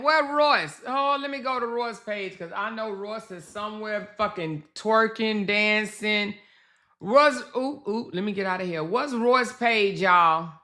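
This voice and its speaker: A woman hosting a casual livestream speaks slowly, with a bright, clear tone. She chats directly to her viewers and swears freely as she reacts to posts. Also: mid-range voice. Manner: slow, chatty, swearing, talks to viewers. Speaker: livestream commentary host.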